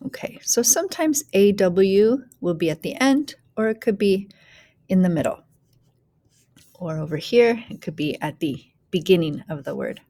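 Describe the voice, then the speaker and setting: A woman teaching a phonics lesson, blending words slowly sound by sound and often dropping to a breathy whisper on single sounds. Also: medium pitch, lively intonation, dark tone. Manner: slow, deliberate sound-by-sound blending.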